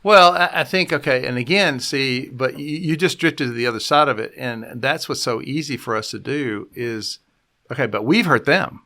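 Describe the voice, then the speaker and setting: Gravelly, bright-voiced male pastor. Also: mid-range voice, normal speed. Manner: rambling, full of restarts, acts out quotes. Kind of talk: casual conversational podcast talk.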